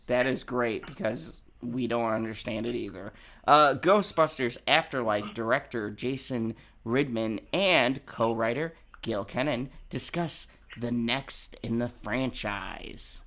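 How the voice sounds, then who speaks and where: A man hosting a casual livestream, reading the news in a slow, unhurried way and often breaking into laughter. His voice has a bright, forward edge, and he stumbles over words as he reads. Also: mid-range voice. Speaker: livestream host. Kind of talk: casual chat reading headlines.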